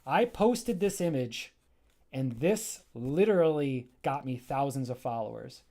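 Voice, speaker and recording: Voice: medium pitch, expressive, measured pace, warm tone. Casual, rambling comic creator reading aloud. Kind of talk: livestream storytelling of a graphic novel.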